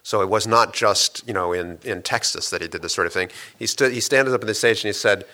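Brief: low, bright-edged male guest voice; measured, hesitant storyteller in a long interview. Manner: measured storytelling with frequent "uh" and restarts. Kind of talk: long explanatory interview answers.

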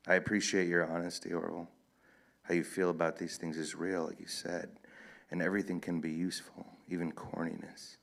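A man reading aloud, voicing a calm, earnest male therapist who speaks in a measured, reassuring way. The voice sits very low, with a gravelly rasp running through it.

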